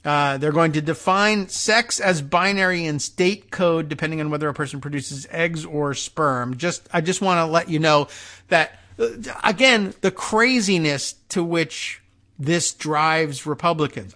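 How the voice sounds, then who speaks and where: Male podcast host doing political commentary, sarcastic, lots of restarts, a bit high voice. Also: a little slow, sharp tone. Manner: sarcastic, rambling with frequent restarts. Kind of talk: political commentary talk show.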